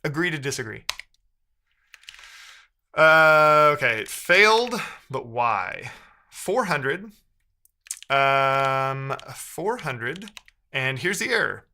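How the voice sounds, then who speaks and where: A man's voice: mid-range voice, big pitch swings, slow, long pauses, pushed and bright, a little hiss or hum. A man live-streaming himself debugging code, thinking aloud and trading sarcastic banter with his chat. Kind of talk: casual live-stream coding commentary.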